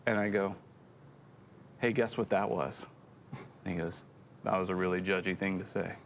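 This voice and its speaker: A man's voice: low-pitched, fairly even intonation, normal speed, creaky, slight background noise. A middle-aged man co-hosting a church show, telling a rambling, self-deprecating story in casual chat.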